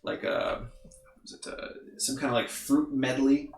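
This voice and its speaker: A man's voice: medium pitch, flat delivery, measured pace, recorded from a distance. A man narrating as game master of a tabletop game, rambling with many fillers. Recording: echoey room, faint noise.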